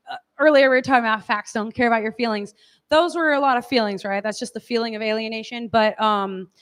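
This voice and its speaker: A woman teaching a class in a conversational lecture style, often checking in with her listeners. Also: fairly high pitch.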